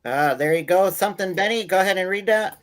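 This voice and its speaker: A man's voice: sits high, quick pace. A male host steering a casual chat, reacting with short "wow"s and handing off to his co-hosts.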